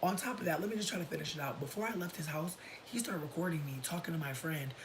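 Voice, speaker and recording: A man casually telling a personal story to his livestream viewers, sassy and dramatic, with slangy asides. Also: quick pace. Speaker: livestream host. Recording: low rumbling background noise.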